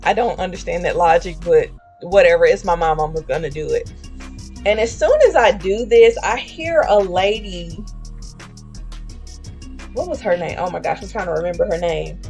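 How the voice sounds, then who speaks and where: A woman's voice: on the low side, expressive, normal speed, darkish tone, soft background music. A woman streamer telling a story in a chatty way, acting out the voices of the people in it with slang. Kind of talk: casual storytelling.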